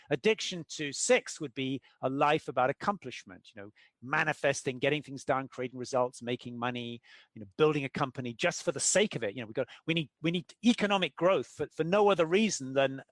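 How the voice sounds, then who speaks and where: A man's voice: mid-range voice, a little fast, dry recording. A middle-aged man explaining his ideas as an interview guest, telling stories and acting out the people in them. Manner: animated storyteller, acts out quoted characters.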